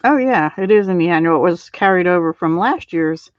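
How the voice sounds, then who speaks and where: A woman's voice: fairly low pitch, lively intonation, brisk, few pauses, no echo. Chatty woman hosting a live craft stream. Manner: chatty, greets viewers by name, frequent ums and laughs. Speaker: card-making demonstrator. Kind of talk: casual live craft tutorial. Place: home craft room. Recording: dull lo-fi live stream audio.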